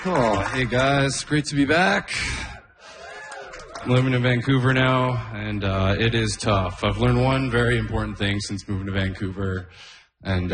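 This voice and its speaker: Male comic from northern Canada, low dry laid-back delivery, roomy stage sound. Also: background noise. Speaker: stand-up comedian. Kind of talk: stand-up comedy set. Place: live comedy stage.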